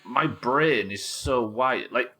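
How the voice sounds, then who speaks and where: A man's voice: medium pitch, takes it slowly, bright, forceful tone, faint music behind. A man from England with a Yorkshire accent, chatting casually while streaming a game, rambling, thinking aloud and swearing freely. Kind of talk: casual live-stream chat while gaming.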